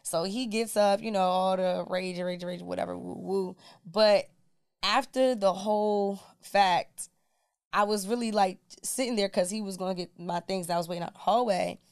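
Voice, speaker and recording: A woman's voice: fairly low pitch, smooth, no echo, studio quality. A woman guest on a podcast, telling a personal story in casual, colloquial speech and acting out what people said. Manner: animated, colloquial storyteller who acts out dialogue.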